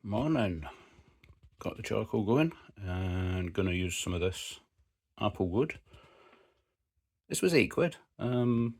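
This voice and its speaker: A man's voice: fairly low pitch, animated, slow pace, pauses often. A Scottish man narrating his home cooking in a laid-back, casual way, with frequent fillers and swearing. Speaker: home cook and channel host.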